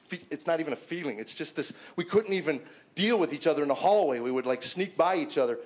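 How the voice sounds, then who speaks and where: A man's voice: on the high side, expressive, quick pace. Earnest middle-aged man telling his story. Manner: earnest, conversational, with frequent restarts and repeated words. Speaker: comedian giving a personal testimony. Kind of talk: personal storytelling to an audience.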